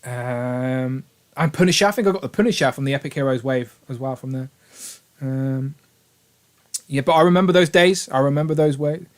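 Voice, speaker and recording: A man's voice: mid-range voice, moderate pace. A British man hosting a casual live stream, rambling with enthusiasm and reading out viewers' names. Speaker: livestream host.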